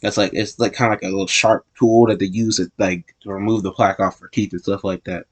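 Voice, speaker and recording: A man's voice: deep voice, steady tone, fast talker. A man casually telling a story in a rambling way, often correcting himself mid-sentence. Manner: rambling, self-correcting retelling.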